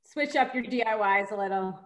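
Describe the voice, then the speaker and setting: A woman's voice: medium pitch, a little fast. A woman in a casual group chat, amused as she shares a story about her child. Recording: echoey room.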